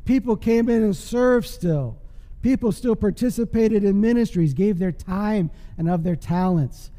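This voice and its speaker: A man's voice: sits high, a little slow, warm tone. A male pastor preaching a sermon in an emphatic, call-and-response style, checking in with the congregation. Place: church. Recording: long hall reverb.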